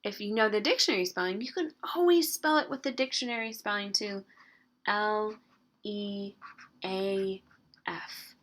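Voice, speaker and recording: An adult woman with a mid-range voice teaches an early-grade writing lesson, slowly stretching out the sounds of words and coaxing answers with gentle questions.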